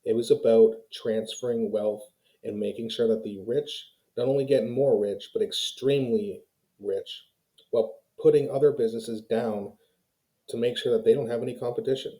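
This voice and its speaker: A man's voice: mid-range voice, steady tone, moderate pace, dark tone, rough recording. A man hosting his own video channel, giving heated, opinionated commentary straight to his viewers. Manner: heated, ranting, talks straight to viewers as "guys". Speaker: YouTube commentary host. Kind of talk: opinionated casual commentary to camera.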